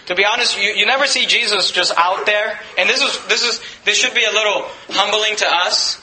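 Male pastor, sermon, very high and tense tone, emphatic rhetorical style, roomy church sound. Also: a little fast, a little hiss or hum. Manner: emphatic preaching with rhetorical questions; rises to shouting at peaks. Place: church sanctuary. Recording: echoey church room.

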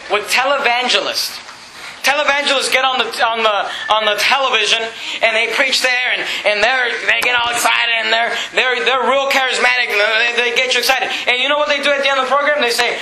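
Pastor guy preaching hard, really high voice, echoey church, bit of hiss. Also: fairly quick, sharp tone. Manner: emphatic preaching, quoting scripture. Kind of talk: sermon.

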